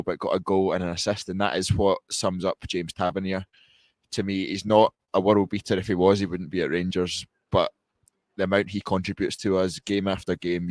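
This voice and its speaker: Deep, flat-toned man reviewing football. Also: dry recording. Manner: measured, analytical, with frequent restarts. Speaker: podcast co-host. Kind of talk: post-match football reaction chat.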